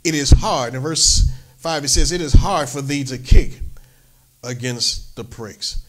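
A man's voice: medium pitch, measured pace. A man preaching a sermon as pastor, emphatic, peppering his talk with "amen" and lifting his voice when he reads scripture aloud.

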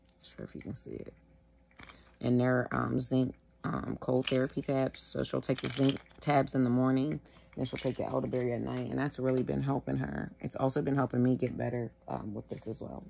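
A sick woman at home, wheezing and short of breath, talking casually to the camera in a tired, slow way. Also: extremely low pitch, vocal fry, warm tone, slight background noise. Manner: tired, slow, filler-heavy. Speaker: vlogger sharing her illness.

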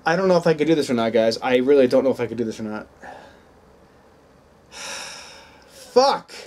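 A man's voice: medium pitch, racing, a little mellow. A young man hosting a let's play, nervous and stammering, swearing and pleading aloud as he plays at home with headphones on. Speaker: gaming video host. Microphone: headphones with desk mic.

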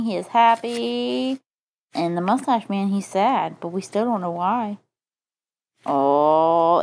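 A woman improvising a silly story from pictures, playful, crude and deadpan. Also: mid-range voice, a little hiss or hum.

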